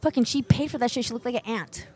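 A middle-aged woman co-hosts a podcast in loose, profane chat. She talks quickly and with a lot of energy. Her voice sits high. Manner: brash, profane, quick and animated. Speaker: podcast co-host. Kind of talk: casual chat.

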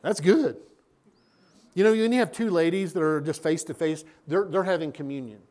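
A man preaching a sermon as a pastor, animated and acting out little scenes. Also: on the high side, moderate pace.

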